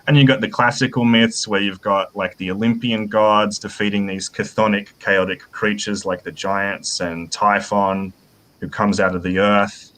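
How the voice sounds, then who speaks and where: A man's voice: lowish voice, level tone, moderate pace, fairly bright tone, rough recording. A male author in a casual interview, explaining his ideas in a thoughtful, rambling way with frequent fillers. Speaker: author guest.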